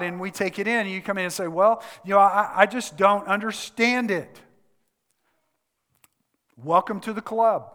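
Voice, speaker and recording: Pastor preaching in a reverberant hall. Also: male voice, sits high. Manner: earnest, repeats phrases for emphasis, drops to a soft intimate tone. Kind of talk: sermon. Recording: long reverb of a large hall.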